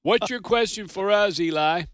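A man's voice: high-pitched, moderate pace, smooth, dry recording. Male radio co-host, chatty storyteller, dry studio sound. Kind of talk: casual radio chat. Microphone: studio microphone.

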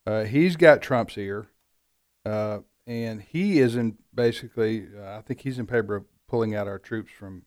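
A man hosting a talk radio show, chatting casually in a rambling way, with frequent pauses and restarts. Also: fairly low pitch, darkish tone, no room sound, studio quality.

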